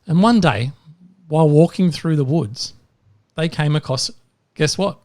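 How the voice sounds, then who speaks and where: A man, co-hosting a podcast and telling dad jokes with animated storytelling. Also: on the high side, measured pace. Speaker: podcast co-host.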